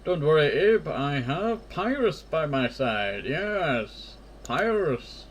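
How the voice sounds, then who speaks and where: A woman's voice: deep voice, animated, normal speed, slight background noise. A man voicing a cheerful young woman who delivers newspapers with her dog, in an upbeat put-on accent.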